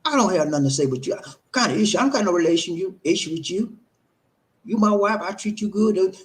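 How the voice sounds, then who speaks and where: A man voicing a defensive, dismissive husband who answers loudly and indignantly in a live stream role-play. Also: lively intonation, fast talker. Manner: loud, high-pitched and indignant.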